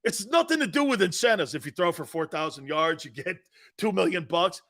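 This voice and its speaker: A brash sports talk host rants in a loud, mocking style. His voice sits high for a man and has a bright, cutting edge. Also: expressive, fairly quick.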